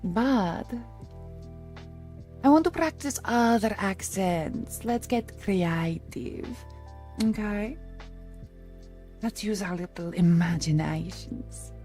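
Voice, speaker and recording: A woman's voice: mid-range voice, lively intonation, slow, pauses often, warm tone, soft background music. A young woman streamer in a casual live-stream chat, rambling along and thanking her viewers by name.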